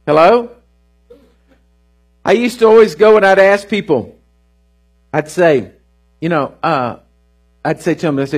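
A man delivering a church sermon in a high, husky voice. He preaches earnestly, repeating phrases and tossing out "hello?" to the congregation. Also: measured pace, pauses often. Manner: call-and-response preaching with "hello?" asides; earnest, repeats words for emphasis. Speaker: pastor. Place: church service.

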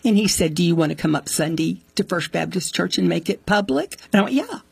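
A woman's voice: lowish voice, fast talker, creaky, breathy edge, no echo. A woman telling a personal faith story as an interview guest, acting out the voices of the people in it. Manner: animated storyteller, acts out quoted voices.

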